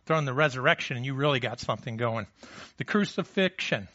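A man's voice: on the high side, a bit bright, dry recording, dull audio. A man preaching a sermon in a conversational way, with frequent restarts and rhetorical questions. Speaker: pastor.

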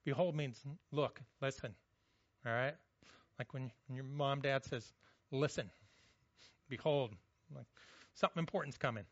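A pastor giving a sermon in a conversational way, often restarting his words and slowing down when he reads scripture. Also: medium pitch, fairly bright tone, no room sound, highs cut off.

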